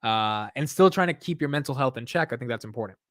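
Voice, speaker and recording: A man's voice: medium pitch, expressive, quick pace, fairly bright tone, no room sound, clean studio sound. A young man hosting a late-night livestream, rambling loosely and reading viewer comments aloud, with "yo" and "bro" thrown in often. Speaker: livestream host.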